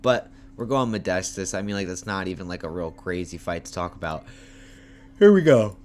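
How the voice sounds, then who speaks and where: A fairly low-voiced man talks through fight picks in a loose, foul-mouthed, joking way. He is tired and yawning from the late hour. A faint hum sits under his homemade recording. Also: a little fast. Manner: animated, profane, playful trash talk. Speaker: MMA fight picks host. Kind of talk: casual fight preview talk. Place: homemade setup.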